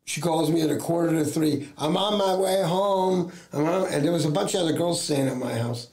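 Talking fast in a slightly high, darkish voice, this middle-aged talent agent from the United States is a guest in an interview. He rambles through casual anecdotes, filling them with fillers and performing other people's quoted lines.

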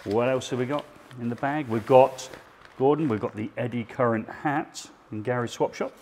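A middle-aged man hosting a live stream, chatting and joking in a relaxed banter with his co-host. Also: mid-range voice, normal speed, slight background noise. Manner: jokey, chatty presenter banter.

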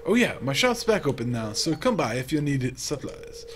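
A man's voice: on the high side, big pitch swings, moderate pace, a little hiss or hum, voice pushed up. A man doing a jolly old sea-dog shopkeeper.

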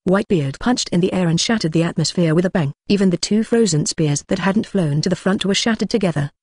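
A synthetic text-to-speech voice reading a novel aloud as an audiobook narrator, flatly reading out punctuation marks. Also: medium pitch, fast talker, breathy edge, no room sound, clean studio sound.

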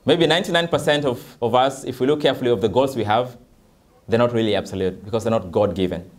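A man preaching at a church service, his voice sitting at an ordinary middle pitch. He talks in an earnest, loose and conversational way, often pausing with fillers. The tone is that of a pastor encouraging his congregation. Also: darkish tone. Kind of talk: sermon.

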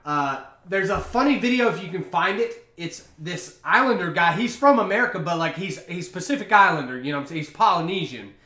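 A man's voice: high voice, animated, a little fast, hardly any pauses, pushed and bright. A young man hosting a podcast, chatting in a rambling, offhand way over a beer. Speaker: podcast host. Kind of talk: casual chat. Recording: roomy echo.

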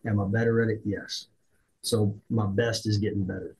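A middle-aged man hosting a podcast, telling a story in a lively way, acting out the dialogue and poking fun at himself. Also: fairly low pitch, normal speed, husky, poor audio. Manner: animated, acts out dialogue, self-deprecating. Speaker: podcast host. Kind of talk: conversational storytelling.

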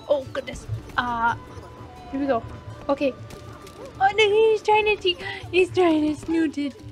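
A woman's voice: sits high, lively intonation, unhurried, pauses often, a little mellow, faint music behind. A woman hosting a casual let's play, cooing and giggling as she plays. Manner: cooing, giggly, easily delighted. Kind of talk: casual gameplay commentary.

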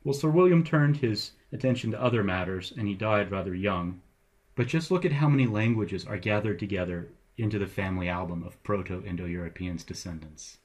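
Middle-aged man, college lecturer, husky voice, wry and playful delivery. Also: fairly low pitch, fairly quick, a little mellow. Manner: wry, playful teacher's tone, jokes with students. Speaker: college English professor. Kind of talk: recorded lecture narration over slides.

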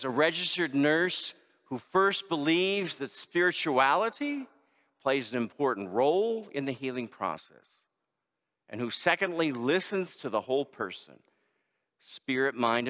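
Man preaching in a reverberant church. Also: mid-range voice. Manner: lively preaching with quoted voices. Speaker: pastor. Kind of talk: sermon. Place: large church sanctuary.

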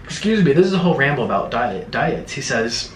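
A man's voice: mid-range voice, big pitch swings, a little fast, slight background noise. Male mukbang host, chatty ranting delivery with mocking asides, roomy echo. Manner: rambling, emphatic, mocking impressions. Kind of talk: casual rant to camera. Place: room in Bangkok.

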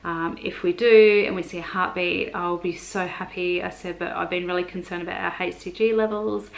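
A woman's voice: fairly low pitch, vocal fry, fairly bright tone, low-quality recording. A young adult woman, chatting in a rambling way in a casual vlog and retelling conversations with many fillers. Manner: chatty, rambling, lots of fillers and retold dialogue. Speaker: vlogger. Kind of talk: casual pregnancy update vlog.

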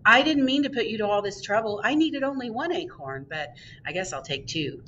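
A woman's voice: medium pitch, animated, a little fast, fairly bright tone, far from the mic, lo-fi sound, slight background noise, pitched above the performer's own voice, close to an everyday voice. A woman voicing a polite, proud young squirrel who talks eagerly.

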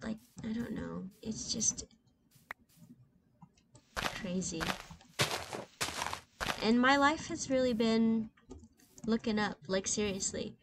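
Slow-talking woman chatting while gaming. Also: fairly high pitch. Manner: rambling, chatty, full of fillers; soft and reflective. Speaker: gaming channel host. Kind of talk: casual chat while playing a video game. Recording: clear keyboard and mouse noise.

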